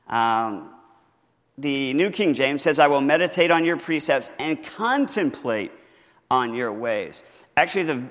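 A man's voice: mid-range voice, a bit bright, long reverb tail. A man preaching a teaching sermon from notes, talking conversationally, asking the congregation questions and stressing key words. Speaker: pastor.

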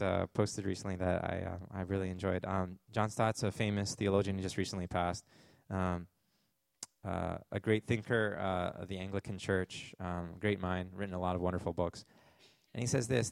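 A man's voice: on the low side, gravelly, no echo. A man with a Canadian accent preaching a sermon as pastor, conversational, with asides and fillers.

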